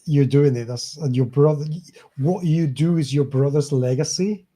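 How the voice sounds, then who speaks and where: A man's voice: fairly high pitch, moderate pace, warm tone. A man hosting an interview, answering his guest with sympathy and support and often repeating words as he begins. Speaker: host. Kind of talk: casual conversation.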